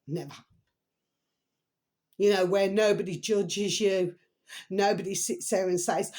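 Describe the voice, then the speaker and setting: A woman's voice: lowish voice, measured pace. A middle-aged woman rambling in a casual, emotional monologue to her viewers, full of repeated pet phrases. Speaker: vlogger.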